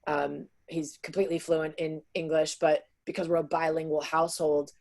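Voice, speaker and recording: A woman's voice: low voice, little pitch movement, normal speed, darkish tone. A woman in her thirties, a sales trainer, giving a casual webinar presentation over a video call and talking in a chatty way with many fillers. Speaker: sales trainer presenting to real estate agents.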